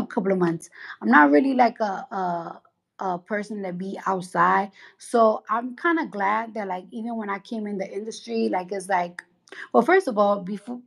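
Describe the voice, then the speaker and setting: A woman with a New York accent talking on a casual livestream, blunt and profane, heated and rambling with many restarts. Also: mid-range voice. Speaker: social media livestreamer.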